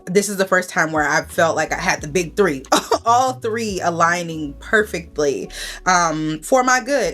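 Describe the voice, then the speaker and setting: A woman's voice: low voice, fairly bright tone. A young woman content creator giving a casual, heartfelt vlog update, chatty and reflective with lots of ums and asides to herself. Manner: chatty, heartfelt, many ums and self-talk.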